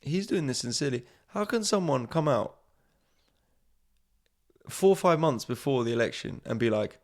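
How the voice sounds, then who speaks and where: A man's voice: medium pitch, animated, moderate pace, long pauses. A man, a comedian and podcast host, rambling sarcastically through a comic monologue, often trailing off.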